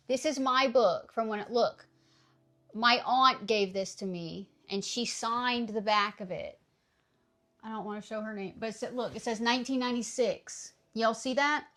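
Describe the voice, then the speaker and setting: A woman's voice: on the high side, moderate pace, pushed and bright. A woman in her thirties streaming live, chatting casually and teasing her chat, swearing freely.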